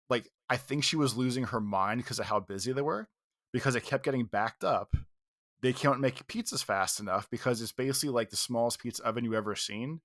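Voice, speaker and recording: A man's voice: mid-range voice, no room sound. Man telling a story, dry close mic. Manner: animated, profane retelling with quoted outbursts. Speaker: podcast co-host. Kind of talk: casual storytelling chat.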